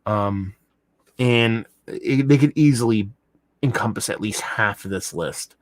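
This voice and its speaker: A man hosting a livestream beer review, talking in a rambling, excitable, heavily profane way. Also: on the low side, measured pace, dry recording, clean studio sound. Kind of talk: casual livestream chat. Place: home room.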